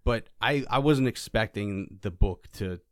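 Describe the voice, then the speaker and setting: A man's voice: on the low side, unhurried, no echo, clean studio sound. A young adult man co-hosting a podcast, chatting casually and rambling with lots of fillers. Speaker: podcast co-host. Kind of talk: casual chat.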